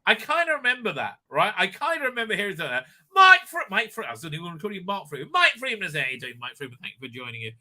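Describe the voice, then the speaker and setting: A man's voice: high-pitched, sing-song, racing, hardly any pauses, pushed and bright. A man hosting a casual live stream from home, reading out viewer comments, rambling and stammering and laughing often.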